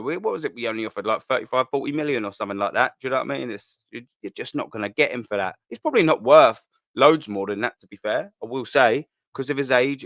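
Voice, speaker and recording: A man's voice: mid-range voice, fairly bright tone, no room sound, studio quality. A young man hosting a live fan show, chatting casually through viewer comments, bantering, repeating himself and laughing often.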